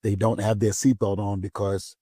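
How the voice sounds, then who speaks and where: A man's voice: lowish voice, normal speed, dry recording, clean studio sound. A man, a pastor, telling a personal story in a casual conversation, acting out the voices of the people in it. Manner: animated storytelling, acts out voices.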